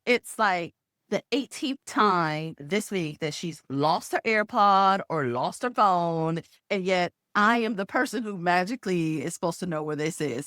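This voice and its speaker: A middle-aged woman tells a personal story straight to camera in a lower voice that swings widely in pitch. She acts out the sounds and voices as she goes. The recording is close and dry, with no room echo. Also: very animated, a little slow, a bit bright. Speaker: video host and former HR executive.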